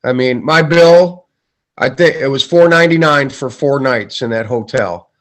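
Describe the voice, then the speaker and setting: A man's voice: mid-range voice, normal speed. A man chatting casually on a group video call about flying model planes at a contest, laid-back and swearing now and then. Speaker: contest pilot.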